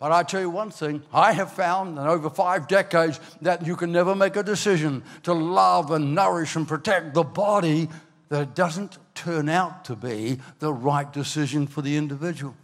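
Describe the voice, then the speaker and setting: An older man from Ireland, preaching a sermon as a pastor, telling stories with animated bursts into shouting. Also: a little high, normal speed. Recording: long hall reverb.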